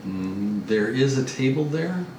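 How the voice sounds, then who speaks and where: A man acting as game master, giving relaxed, explanatory narration of a tabletop game. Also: mid-range voice, a little slow. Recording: roomy distant recording with noise.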